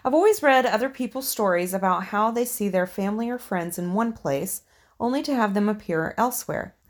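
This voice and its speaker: A woman's voice: medium pitch, animated, brisk. A woman co-hosting a podcast, reading listener ghost stories aloud and chatting casually, with occasional swearing. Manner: swears casually, laughs often.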